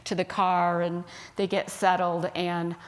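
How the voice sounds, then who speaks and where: Gentle woman minister telling a story. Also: lowish voice, flat delivery, a little slow. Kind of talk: sermon storytelling.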